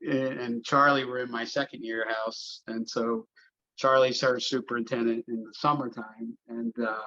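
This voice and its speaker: A man's voice: medium pitch, little pitch movement, moderate pace, sharp tone, lo-fi sound. A middle-aged man, a golf course superintendent, telling long stories in a casual podcast interview, with lots of fillers and restarts. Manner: rambling storyteller, many fillers and restarts.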